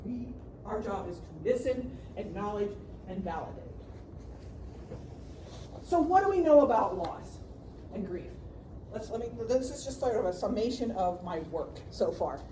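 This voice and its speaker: A middle-aged woman giving a workshop talk on grief as a counselor, chatty and lively, often checking in with the audience and laughing. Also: medium pitch, a little slow, pauses often, a little hiss or hum.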